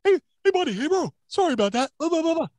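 A man imitating a loud, pushy male gym-bro wrestler in a much higher, shouty voice. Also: big pitch swings, fast talker, no room sound. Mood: boisterous. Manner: shouty, bro-ish, repeats "hey buddy".

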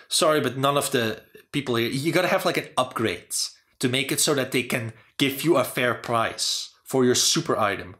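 A man's voice: medium pitch, moderate pace, bright, forceful tone. A man hosting a casual talk about game design, rambling with lots of "you know" and "like". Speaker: channel host.

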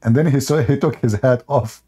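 A man hosts a debate show in a loose, mocking monologue, drifting into long personal anecdotes. His voice is husky and raspy, with a dark, mellow tone. He chuckles often as he talks. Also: medium pitch, brisk. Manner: rambling anecdotal storytelling.

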